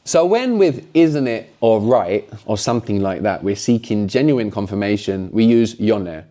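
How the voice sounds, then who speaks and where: Low mellow male voice, animated intonation, patient language teacher, tags points with "no?". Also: normal speed. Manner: explains patiently, often ends points with a questioning "no?". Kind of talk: guided language lesson.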